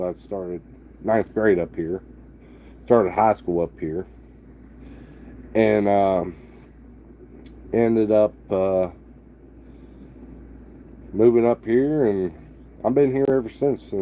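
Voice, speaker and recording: A man's voice: lowish voice, dark tone, a little hiss or hum. A man in his thirties from Texas, chatting to camera in a loose, rambling way with many restarts. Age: 30s. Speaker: vlogger. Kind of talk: casual rambling chat to camera.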